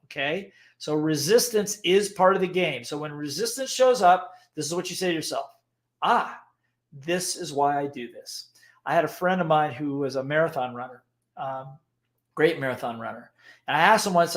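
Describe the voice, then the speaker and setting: A man giving a live-streamed motivational lesson as a coach, repeating his key points and checking in with "okay?" again and again. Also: sits high.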